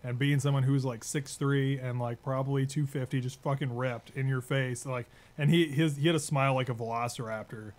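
A man, an Army veteran, telling rough, profane stories with frequent laughs in casual podcast chat. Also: mid-range voice, fairly even intonation, a little fast, hardly any pauses, darkish tone.

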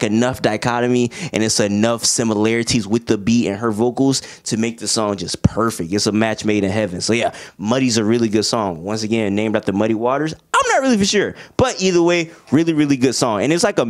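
A young man giving a casual, animated album review in heavy slang, breaking into bits of song along the way. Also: medium pitch. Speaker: music reviewer.

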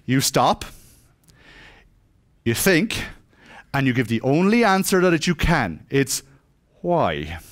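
Guy joking through a tech talk on stage, acts out little scenes, slightly high voice. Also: animated, takes it slowly, pauses often. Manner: joking, self-mocking, acts out dialogue. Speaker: conference speaker. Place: conference hall stage.

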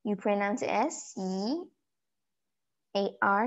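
A woman giving a simple German vocabulary lesson, slowly repeating each word so it can be pronounced. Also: on the high side, a little mellow. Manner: slow, repeating words to pronounce them. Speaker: German teacher. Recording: dull lo-fi recording.

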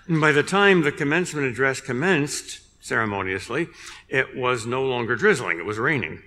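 An older man giving a public lecture, telling a story in a measured way with dry humor. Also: mid-range voice, animated, bright, forceful tone, slight background noise. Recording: long reverb in a large hall.

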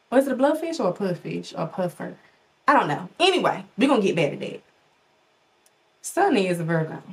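A woman hosting her own show, talking casually and animatedly straight to her viewers, swooping her pitch for emphasis. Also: gravelly. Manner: animated, folksy, talks straight to her audience. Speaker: podcast host.

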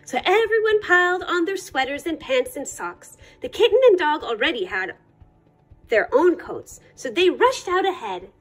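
A woman reading a picture book aloud to children for a library storytime, with an expressive delivery. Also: high voice, moderate pace, soft background music.

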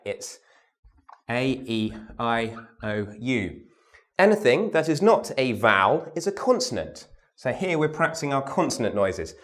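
A speech and voice teacher leads a vocal warm-up lesson, demonstrating syllables and tongue twisters, repeating them, and encouraging the learner with instructions. His voice is medium in pitch.

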